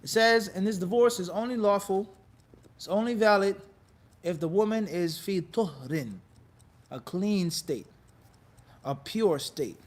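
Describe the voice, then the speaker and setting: In a classroom lecture on religious law, a high-voiced man teaches with animated energy. He quizzes students mid-sentence with repeated "what?" prompts and acts out the people he quotes in quick, lively scenes so each point sticks.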